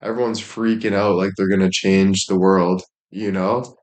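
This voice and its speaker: A man talking loosely on a stream, his voice sitting a little low. He rambles, swears freely and leans on fillers between his thoughts. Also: flat delivery, moderate pace, darkish tone. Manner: rambling, profane, with lots of filler words. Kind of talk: casual chat.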